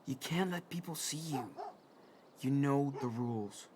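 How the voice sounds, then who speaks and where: A worried protective older brother. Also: male voice, medium pitch, measured pace, a little mellow, breathy edge. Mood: stern worried. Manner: firm, lecturing.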